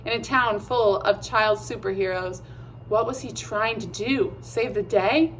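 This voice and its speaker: Woman narrator for a chapter book, steady and measured, mid pitch. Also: a little hiss or hum, rough recording. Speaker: audiobook reader. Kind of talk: storybook narration.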